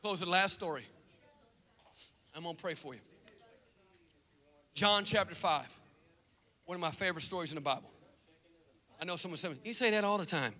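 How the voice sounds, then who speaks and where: A middle-aged man preaching a lively sermon, telling stories animatedly and acting out scenes. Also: high voice, moderate pace, long pauses. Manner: animated storytelling, acts out movie scenes. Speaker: pastor. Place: church sanctuary. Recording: long reverb of a large church hall.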